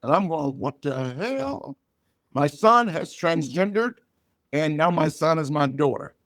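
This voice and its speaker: An older man, a comedian guest, telling stories and jokes in a loud, punchy way. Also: on the high side, normal speed, dry recording, clean studio sound. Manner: loud punchy joke delivery, animated storytelling. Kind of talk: storytelling comedy chat.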